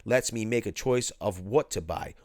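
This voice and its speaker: A man from Philadelphia, USA, with a lowish, darkish voice at normal speed reads out viewer chat during a livestream, recorded dry at studio quality. He keeps it laid-back and slangy, using "yo" and "cuz."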